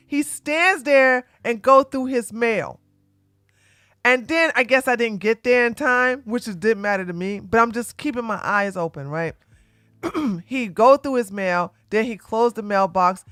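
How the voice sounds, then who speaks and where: A woman hosting her own channel, telling a casual story to her audience in an animated way and laughing often as she talks to the ladies. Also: a little high, a little slow, dry recording. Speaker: commentary channel host.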